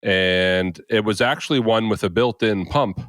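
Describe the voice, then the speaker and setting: Male podcast co-host, lower voice, chatty and rambling, dry studio sound. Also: unhurried, fairly bright tone, no room sound. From Canada. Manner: rambling, self-interrupting storyteller. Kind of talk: casual chat.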